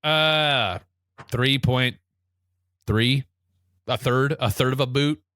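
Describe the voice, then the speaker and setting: Podcast co-host, male, rambling comic storyteller, bright dry voice. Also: mid-range voice, takes it slowly, clean tone, no echo. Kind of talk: casual comedic chat.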